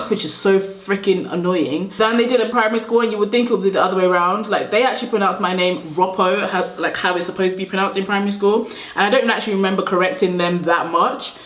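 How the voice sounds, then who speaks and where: A woman's voice: medium pitch, fast, echoey room. A young woman born in Nigeria, telling rambling stories while she does her makeup, with lots of "like" fillers and laughing asides. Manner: chatty, rambling, laughs often, many "like" fillers. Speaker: beauty vlogger. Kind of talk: casual storytelling while doing makeup.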